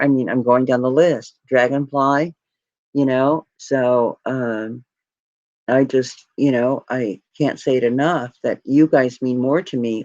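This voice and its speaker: Speaking in an extremely low, slightly mellow voice, a woman hosting a jewelry live stream gives her viewers casual, rambling, grateful chat, tearing up and close to tears. The recording is dry, muffled and lo-fi, with no room sound.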